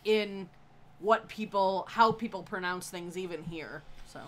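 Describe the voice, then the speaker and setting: A woman from the Midwestern United States with a Midwestern American accent, making quick, matter-of-fact remarks in a casual chat as co-host. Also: on the low side.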